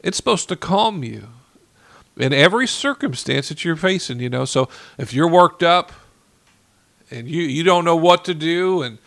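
A man preaching a sermon in an earnest way, repeating key phrases and slowing down to stress them. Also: on the high side, animated, creaky, a bit bright, dry recording.

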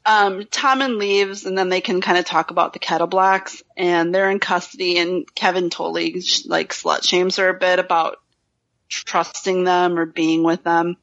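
A woman's voice: fairly low pitch, fairly even intonation, normal speed, a bit bright, muffled recording. A woman co-hosting a casual book discussion, chatty, laughing often and filling with "like" and "um". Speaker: podcast co-host summarizing the chapter.

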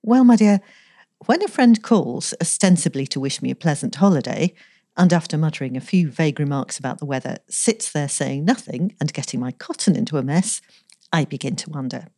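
A woman voicing a calm, teasing, kind-hearted young woman who speaks drily and cheerfully. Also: sits low, fairly quick, no echo, clean studio sound. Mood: placid.

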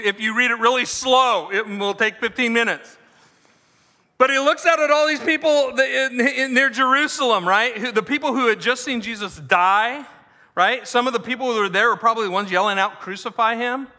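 A man preaching a sermon to a congregation in a lively, conversational way, often checking in with "right?". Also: high-pitched, big-room sound. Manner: animated, conversational, frequent "right?" asides. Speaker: pastor.

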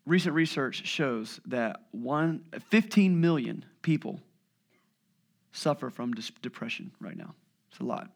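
A pastor in his thirties preaches a sermon, telling lively stories and acting out family members' voices before dropping to a hush on weighty points. His voice is mid-range and gravelly, and he takes his time.

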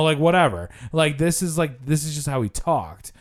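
Animated, swearing male podcast host. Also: a little high, normal speed, hardly any pauses. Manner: animated, profane storytelling with frequent "like". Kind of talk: casual chat.

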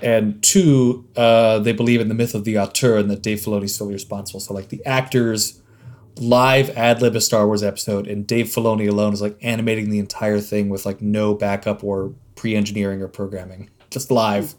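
A man co-hosting a podcast, musing aloud with frequent ums and uhs and quiet trailing asides. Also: flat delivery, a little fast. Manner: musing, hesitant, many ums and uhs, drops to low asides. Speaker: podcast co-host. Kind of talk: casual podcast chat.

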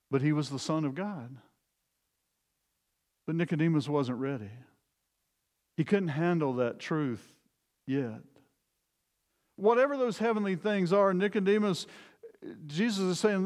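A man's voice: sits high, a little mellow. Man preaching in an echoing hall. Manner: emphatic, earnest preaching with repeated words. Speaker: pastor. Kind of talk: sermon. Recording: long reverb of a large hall.

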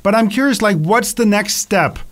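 Halting man giving casual feedback. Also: sits high, lively intonation, fairly bright tone, slight background noise. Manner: halting, repeats words while thinking aloud. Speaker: host, music producer.

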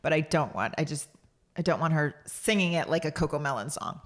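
A woman's voice: low-pitched, expressive, a little fast. A woman co-hosting a casual chat show, mostly giving short agreeing replies and now and then a thoughtful point. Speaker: podcast co-host.

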